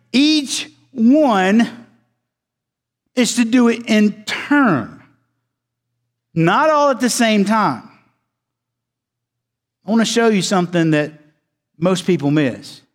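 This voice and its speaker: High-voiced man preaching in a reverberant hall. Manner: emphatic preaching, repeats key words, drops to quiet low tones for stress. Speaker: pastor. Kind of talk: sermon.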